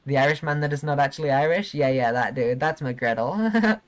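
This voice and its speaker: A young man streaming a video game live, chatting excitably and giggling with his viewers. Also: mid-range voice, normal speed, slight background noise. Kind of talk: live gameplay commentary.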